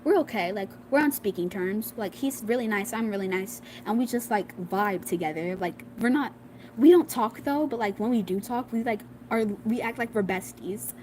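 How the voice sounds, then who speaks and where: A woman's voice: medium pitch, moderate pace, darkish tone, slight background noise, rough recording. A young girl telling a school drama story in a casual, rambling way, full of fillers, acting out what her classmates said. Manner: rambling, many "like"s, acts out quoted classmates. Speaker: vlogger.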